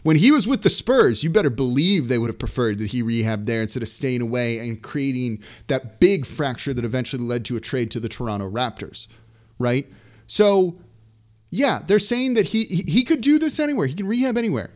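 A man hosting a sports podcast, talking through team news in casual, animated solo commentary with frequent asides. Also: medium pitch, a little fast.

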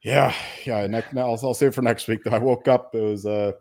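A man's voice: mid-range voice, fairly even intonation, fairly quick, creaky, darkish tone. A man co-hosting a casual sports betting podcast, rambling in a laid-back way with many fillers and curse words. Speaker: podcast co-host.

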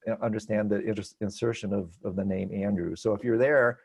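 A man giving an online teaching talk on a video call, telling stories in an animated way and laughing often. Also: lowish voice, fairly quick, vocal fry, breathy edge. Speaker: meditation teacher.

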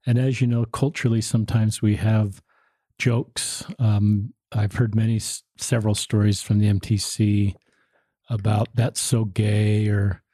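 Brief: male host, dark husky tone, measured questions, dry close recording. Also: on the low side, little pitch movement, no echo. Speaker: podcast host. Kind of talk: interview questions.

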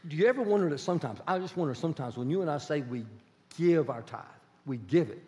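A man preaching a sermon as pastor, animated and conversational, acting out little dialogues with his congregation. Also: a little high, quick pace. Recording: long church hall reverb.

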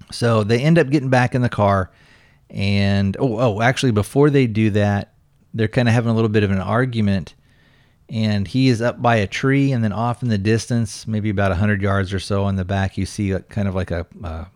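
Low-voiced man rambling through a movie recap. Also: a little mellow, dry recording, studio quality. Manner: rambling, retells scenes loosely with fillers. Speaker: podcast host reviewing movies. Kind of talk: casual solo talk.

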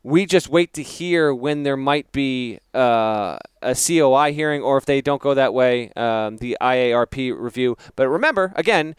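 A man who reports on college basketball, co-hosting a podcast in casual chat and explaining things in a measured way with fillers. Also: mid-range voice, smooth, dry recording.

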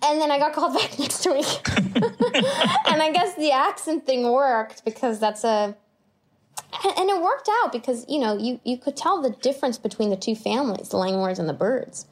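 Lively, laughing woman with a high voice. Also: moderate pace. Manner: animated, laughs often, acts out her own past thoughts. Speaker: actor guest. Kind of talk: conversational interview storytelling.

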